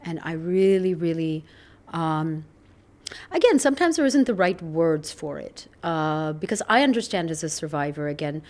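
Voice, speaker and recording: A middle-aged woman speaks as a podcast guest in a low, earnest voice. She sounds reflective and laughs often. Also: lively intonation, moderate pace, a little mellow. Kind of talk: candid podcast conversation.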